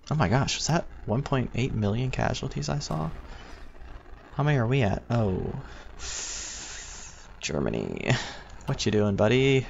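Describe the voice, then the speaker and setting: Gravelly young American man streaming. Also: medium pitch, very animated, unhurried, pauses often, darkish tone. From United States. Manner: rambling, chatty, answers chat. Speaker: livestreaming gamer. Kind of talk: casual livestream chat. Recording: dull lo-fi stream audio with faint noise.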